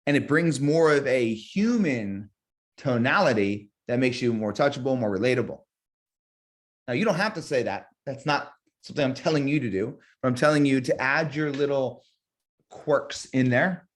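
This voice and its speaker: In a live webinar, a man with a mid-range voice energetically trains real estate agents, repeating key phrases and role-playing sample sales calls.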